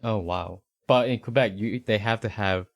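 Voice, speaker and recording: Very deep, gravelly man, curious podcast co-host. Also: moderate pace, dry recording. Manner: curious, eager reactions like oh and wow. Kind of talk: casual chat, interviewing.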